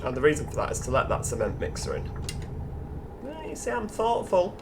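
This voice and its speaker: A man's voice: fairly high pitch, huge pitch swings, fairly quick, noisy background. A man with a Yorkshire accent hosting casual gameplay commentary, chatty, musing aloud and talking to the other drivers. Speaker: gaming channel host.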